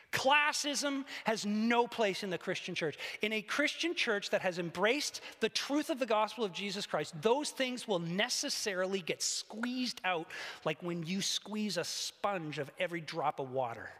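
A man preaching a sermon as pastor, animated, swinging between loud emphatic highs and hushed quiet lows. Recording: echoey church hall, long reverb.

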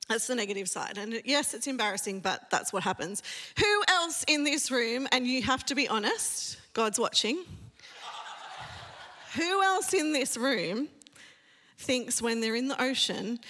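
A woman's voice: on the high side, expressive, unhurried, pushed and bright. A woman pastor giving a sermon in a church, chatty and self-mocking, telling funny stories to the congregation.

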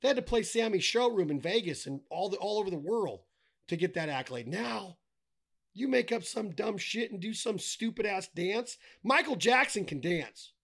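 A middle-aged man with a slightly high-pitched voice chats casually as a podcast guest. He is blunt and swears freely. He rants with wry humor. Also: lively intonation, normal speed, a bit bright. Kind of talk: casual chat.

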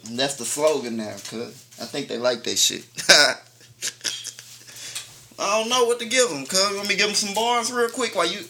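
A man with a very bright, forceful voice, a little higher than most, chats and tells a story in a relaxed, profane, laughing way. A faint hum of background ambience sits behind him. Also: moderate pace. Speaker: podcast co-host. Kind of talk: casual storytelling chat.

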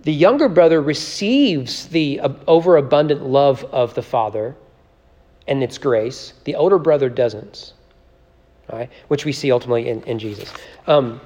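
A man's voice: mid-range voice, dark tone, big-room sound, highs cut off. Man teaching a church Bible study. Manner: conversational, repeats words and tags lines with "right?"; reads scripture aloud with rising emphasis.

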